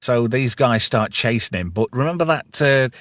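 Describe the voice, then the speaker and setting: This podcast host talks at normal speed in a mid-range voice, with clean studio sound and no room echo. He leads a laid-back film review, retelling the plot, quoting lines with gusto and laughing frequently.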